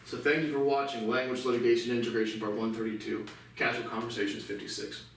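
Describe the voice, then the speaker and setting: A man's voice: medium pitch, flat delivery, quick pace, faint music behind. A man in a rambling, profane solo monologue, ranting agitatedly on his outdoor porch. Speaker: vlogger. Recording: echoey and distant with faint noise.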